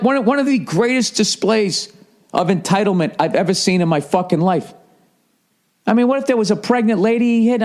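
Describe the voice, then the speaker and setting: A man's voice: high-pitched, darkish tone. A male comedian and podcast host telling a story in a casual monologue, profane, ranting and incredulous.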